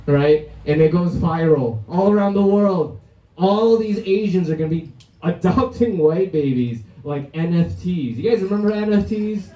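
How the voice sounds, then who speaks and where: Young male comic with a high-leaning, mellow voice, brash crude stand-up, live club mic in a roomy space. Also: moderate pace, distant mic, muffled recording. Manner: brash, crude, laughing at his own jokes. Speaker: stand-up comedian. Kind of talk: stand-up set at an open mic. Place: comedy club stage.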